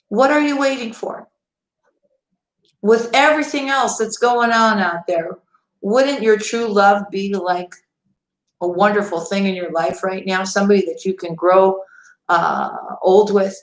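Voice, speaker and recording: A woman's voice: mid-range voice, steady tone, moderate pace, roomy sound, rough recording. Chatty woman doing a live tarot reading. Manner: chatty, laughs often, addresses viewers directly. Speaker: tarot reader.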